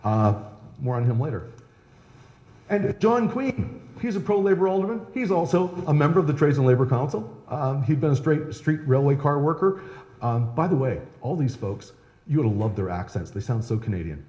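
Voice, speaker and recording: In a historical society lecture room, a historian speaks in a dark, medium-pitched voice with lively intonation at a moderate pace. His public talk is conversational, peppered with "right?". The audio is dull, and the echoey hall leaves long reverb.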